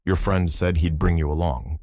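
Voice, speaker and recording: Overbearing old baronet, husky and deep, read by a man. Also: normal speed, warm tone, no echo, studio quality. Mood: domineering. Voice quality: husky, pushy. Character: older male baronet, overbearing and lecherous.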